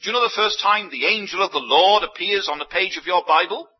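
A man preaching a sermon, emphatic, with big swings in pitch and loudness. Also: brisk, husky. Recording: dull lo-fi sermon recording.

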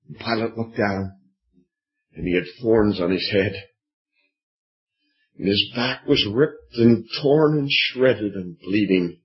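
A man preaching an evening sermon, slow and dramatic, with long pauses and repeated phrases. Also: on the low side. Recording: dull lo-fi recording.

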